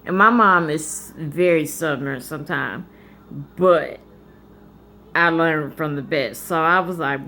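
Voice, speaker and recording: A woman vlogger telling a personal story in a candid, animated, colloquial way. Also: sits low, slow pace, slight background noise.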